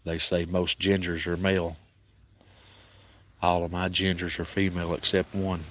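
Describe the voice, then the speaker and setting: Appalachian man, deep flat voice, soft-spoken, casual livestream chat, outdoors. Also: moderate pace, a little hiss or hum. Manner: soft-spoken, grieving, talks to viewers by name. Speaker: cat sanctuary livestream host.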